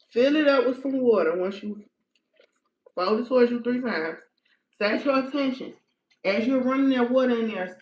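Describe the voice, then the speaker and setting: Brash woman host, cursing freely, casual livestream delivery, dull lo-fi sound. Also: a little high. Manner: blunt, profane, emphatic. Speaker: spiritual practitioner. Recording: echoey room, dull lo-fi sound.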